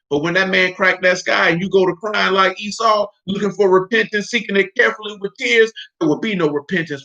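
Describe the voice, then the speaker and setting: A man preaching a sermon, teaching scripture in an animated, emphatic, conversational way. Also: high voice. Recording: dull lo-fi recording.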